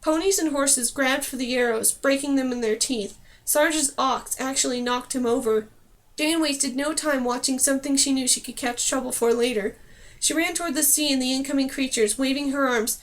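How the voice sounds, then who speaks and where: A woman reading a fantasy novel aloud, in steady, clear scripted narration. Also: high-pitched, normal speed. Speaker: audiobook reader.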